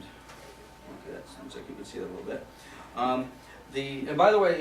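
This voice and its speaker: A man teaches a property management training class in a casual, conversational manner, often checking in with "okay?" His mid-range voice is picked up far from the mic, sounding roomy, with slight background noise.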